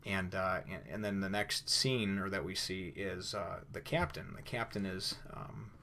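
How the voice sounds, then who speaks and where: A man's voice: low-pitched, steady tone, measured pace, vocal fry, pushed and bright, a little hiss or hum. A man giving a casual spoken review, retelling the story loosely with many fillers and restarts. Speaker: comic book reviewer.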